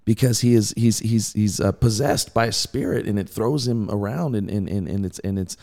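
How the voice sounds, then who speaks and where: Deep-voiced man in earnest faith talk. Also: moderate pace, a little mellow. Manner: earnest, repeats words while searching for thoughts. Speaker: podcast co-host. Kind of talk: casual faith discussion.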